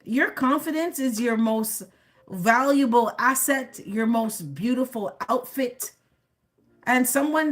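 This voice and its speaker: This tarot reader goes live, addressing her audience straight on as the collective with sass and chatter, and frequently laughs at her own lines. She speaks slowly in a fairly high voice with lively intonation.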